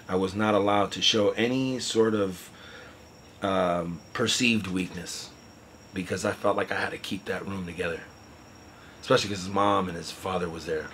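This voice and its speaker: Low-voiced man telling a personal story. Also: fairly even intonation, a little hiss or hum, poor audio. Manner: halting and earnest, often trailing off quietly. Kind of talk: candid personal account.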